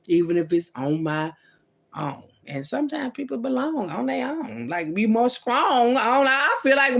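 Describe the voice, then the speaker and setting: Gravelly-voiced woman chatting to viewers. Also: mid-range voice. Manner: talks to viewers as "y'all", "baby" and "boo"; lots of "mm-mm" and "mm-hmm" asides. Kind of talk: rambling casual monologue to viewers.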